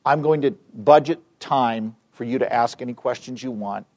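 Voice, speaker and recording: A man giving a live training seminar, telling an anecdote to an audience in an animated, emphatic way. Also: medium pitch, normal speed. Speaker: seminar speaker. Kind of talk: live training talk with storytelling.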